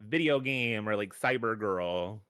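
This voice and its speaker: A man's voice: on the low side, unhurried, sharp tone, smooth, no room sound. A man co-hosting a live fashion review stream, rambling and upbeat, with plenty of filler words. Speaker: co-host reviewing fashion submissions. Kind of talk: casual livestream chat.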